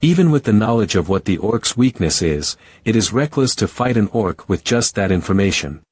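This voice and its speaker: Low husky man narrating a recap. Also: lively intonation, moderate pace, a little mellow, no room sound. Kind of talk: first-person story recap narration.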